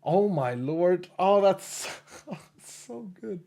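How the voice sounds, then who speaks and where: A man's voice: high-pitched, lively intonation, extremely slow, gravelly, mellow. A man in his late thirties, a streamer chatting casually with viewers and reading their messages, gushing and emotional and laughing often. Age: late 30s.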